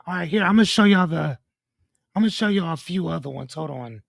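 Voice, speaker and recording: Animated, gravelly and on the high side, this young male livestream host talks fast over a clean, dry studio recording. He jokes around, reads chat names and comments aloud, curses freely and interrupts himself with "hold on."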